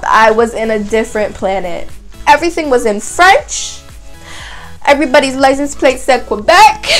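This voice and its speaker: An eighteen-year-old woman, telling a story vlog in a chatty, dramatic way and saying "like" a lot. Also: fairly high pitch. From Canada. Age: young adult, 18. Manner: chatty, dramatic retelling with frequent "like". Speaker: vlogger. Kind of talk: casual storytime.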